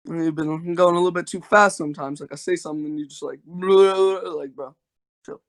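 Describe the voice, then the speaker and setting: Brief: male debater, slightly high voice, rambling filler-heavy delivery. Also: fairly even intonation, quick pace, fairly bright tone. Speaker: debater and channel host. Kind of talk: casual online debate.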